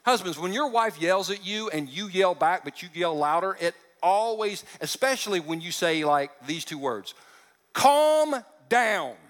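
A male pastor preaching a sermon, animated and joking, acting out the characters as he tells the story. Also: high-pitched, moderate pace, few pauses, big-room sound. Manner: animated, joking asides, acts out quotes.

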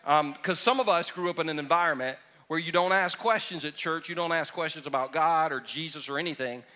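In a church sanctuary, a man preaches a question-and-answer sermon fairly quickly, his bright, forceful voice pitched a bit high. He's casual and joking, leaning on emphatic repetition, and the mic picks him up from some distance in the room.

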